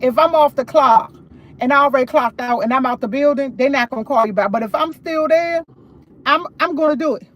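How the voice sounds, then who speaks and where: A woman's voice: high voice, fairly quick. A woman livestreaming, retelling a conversation in a casual, emphatic way. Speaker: livestream host.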